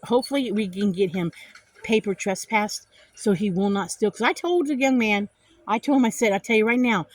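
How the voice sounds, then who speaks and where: A middle-aged woman vents into her camera in a casual vlog, indignant and repeating her points. Her voice sits at an ordinary pitch and sounds close and dry, with no room echo. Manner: animated, indignant retelling with repeated phrases. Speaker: vlogger.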